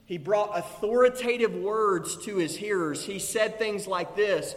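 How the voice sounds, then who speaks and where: Man preaching, high voice, emphatic, long hall echo. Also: expressive, unhurried. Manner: emphatic, rising to loud declarations. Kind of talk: sermon.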